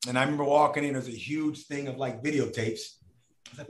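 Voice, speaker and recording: A man's voice: medium pitch, steady tone, fast, reverberant, a little hiss or hum. A man as a podcast guest, telling a long story in a casual, profane way and acting out other people's voices.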